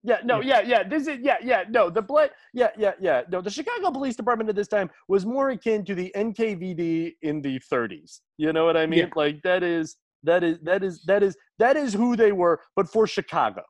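This is a man co-hosting a film podcast. His pitch swings widely and he talks fast, jumping into quick impressions of movie characters. The sound is dry and close, with no room in it. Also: no echo. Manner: animated, fast, acts out movie lines in excited voices. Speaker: podcast co-host. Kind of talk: casual chat.

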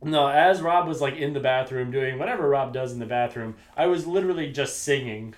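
A man's voice: medium pitch, fairly quick, reverberant. A man co-hosting a podcast in casual banter, rambling and circling back with filler phrases, often laughing. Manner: rambling, keeps saying "what's it called", laughs a lot. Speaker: podcast co-host.

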